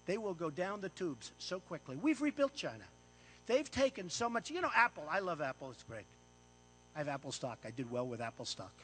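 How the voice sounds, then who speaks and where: Before an audience in an event room, an American man delivers an improvised, repetitive speech full of boasting and punchy lines. He's a paid speaker whose fairly high, sing-song voice runs fairly quick and a bit bright, with a little hiss or hum.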